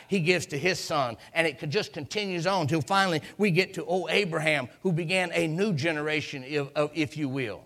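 A man preaching with a sharp, forceful tone and a gravelly edge. His pitch sits a little high for a man. He tells the story with emphatic, rising delivery and calls out hallelujah again and again. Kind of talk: sermon.

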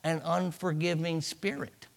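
A man's voice: a little high, steady tone, measured pace, vocal fry. A man preaching a sermon in a church, chatty and conversational, acting out asides and breaking in with hallelujahs. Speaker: pastor.

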